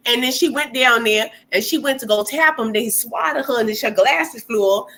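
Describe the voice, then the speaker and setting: A woman co-hosting a casual gossip chat, blunt and animated, often acting out quotes. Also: fairly quick, few pauses. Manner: animated, blunt, acts out quotes in high voices. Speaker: co-host.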